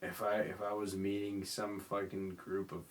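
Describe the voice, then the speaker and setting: A man's voice: low voice, completely flat delivery, normal speed. A young man hosting a rambling solo podcast, drunk and sleepy, slurring and apologizing as he talks. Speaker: podcast host.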